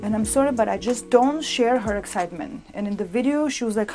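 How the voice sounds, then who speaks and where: A woman's voice: on the high side, brisk, few pauses. Playful joking woman fashion vlogger. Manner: playful, joking, lively storytelling. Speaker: fashion vlogger reacting to a show. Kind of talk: comedic reaction commentary. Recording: music playing underneath.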